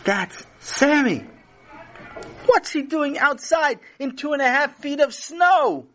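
A man voicing a worried mother in a told children's story, speaking in sharp, insistent exclamations. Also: high-pitched, slow, a little hiss or hum, voice pushed up. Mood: urgent.

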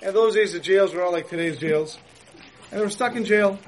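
A man, a religious teacher, telling a story and explaining its lesson in a lively, storytelling sermon. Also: high-pitched, a little fast, a little hiss or hum, poor audio.

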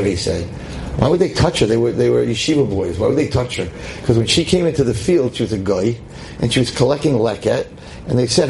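A man teaching a lively class to a seated audience as a rabbi, emphatic and exclamatory. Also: brisk, slight background noise, poor audio. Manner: emphatic, exclamatory, with sudden swings in pitch.

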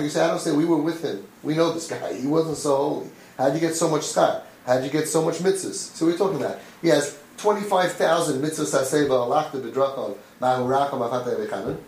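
Guy teaching torah, lots of rhetorical questions, acts out little scenes, kinda far from the mic. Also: on the high side. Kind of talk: Torah lecture to a listener. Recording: echoey room, voice from a distance, faint noise.

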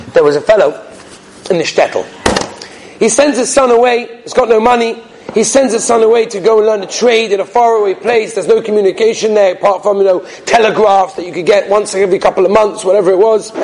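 A man giving a conversational storytelling talk, telling anecdotes in an animated way. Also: high-pitched, background noise.

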